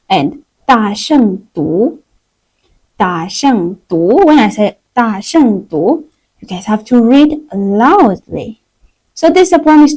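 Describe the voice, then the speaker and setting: A woman runs a live-streamed language class, leading her viewers through slow repetition drills. Her talk is unhurried and her pitch rises and falls a lot, with a fairly high but mellow tone. Her English is simple and non-native. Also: rough recording. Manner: drills words slowly for learners to repeat. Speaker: Chinese teacher.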